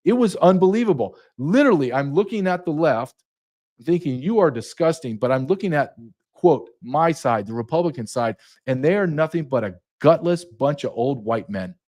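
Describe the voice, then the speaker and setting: A man's voice: on the high side, lively intonation, moderate pace, darkish tone. A middle-aged man, a retired border patrol agent, telling a story as a podcast guest, indignant and emphatic. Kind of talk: heated podcast interview.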